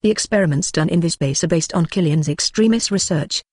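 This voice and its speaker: A synthetic audiobook narrator reads in a flat, steady, evenly paced way. The voice sits at a middle pitch and sounds dry and close to the mic, with no room around it. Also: fairly quick, no room sound. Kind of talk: scripted narration.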